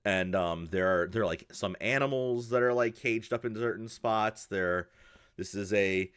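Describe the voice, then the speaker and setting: A man's voice: lowish voice, normal speed, a bit bright, smooth, no room sound, clean studio sound. A man narrating as game master in a tabletop role-playing game, rambling descriptions full of fillers. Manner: rambling, many fillers and restarts.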